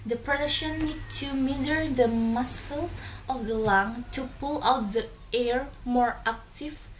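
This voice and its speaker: A woman's voice: high-pitched, measured pace, slight background noise, rough recording. A young woman with an Indonesian accent giving a class presentation, reading carefully from her notes and listing examples one by one. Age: young adult. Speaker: student presenter. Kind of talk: read-aloud class presentation.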